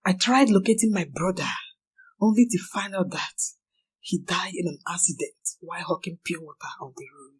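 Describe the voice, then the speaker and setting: A young woman narrating her own story in the first person, slow, somber and confessional. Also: lowish voice, husky, rough recording.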